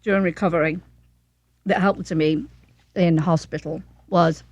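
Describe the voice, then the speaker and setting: A woman co-hosting a casual chat show, talking in a giggly, lively way. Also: fairly low pitch, normal speed, no echo, muffled recording. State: eating while talking. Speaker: co-host of an expat show.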